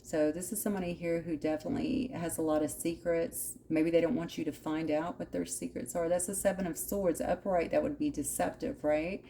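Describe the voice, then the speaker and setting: A woman's voice: sits low, little pitch movement, fairly quick, vocal fry, hardly any pauses, dark tone, a little hiss or hum. A woman giving a casual channeled tarot reading, musing aloud with frequent asides. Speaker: tarot reader.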